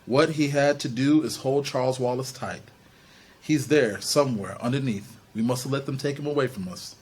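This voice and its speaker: A man voicing a protective teenage boy who talks low, firm and blunt. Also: moderate pace, a little mellow, husky, lightly acted. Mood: urgent.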